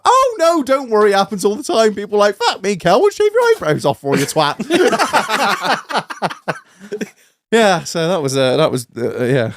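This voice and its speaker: A man telling an embarrassing story on a podcast in a sweary, laughing, animated way. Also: medium pitch, dry recording. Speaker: podcast co-host. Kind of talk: casual storytelling chat.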